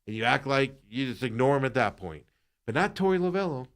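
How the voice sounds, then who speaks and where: A male sports radio host in full exasperated rant mode. His mid-range voice swoops dramatically from low grumbles to sharp high peaks. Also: very animated, fairly quick. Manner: heated, exasperated, voice jumps up when angry.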